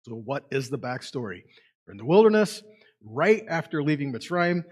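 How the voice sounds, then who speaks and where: A man giving a lively Bible teaching to a congregation, asking rhetorical questions and reading scripture aloud. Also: mid-range voice, moderate pace. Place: congregation meeting room.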